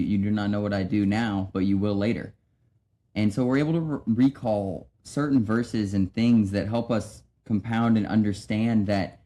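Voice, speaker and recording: Speaking conversationally on his podcast, a young man offers a casual devotional in a lowish, warm voice. His talk is full of restarts, repeated "right?"s, and asides aimed at listeners.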